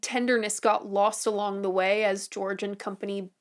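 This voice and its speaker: A woman guest on a podcast who talks about music in a measured, thoughtful way, building comparisons. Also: medium pitch, flat delivery. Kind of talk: casual music discussion.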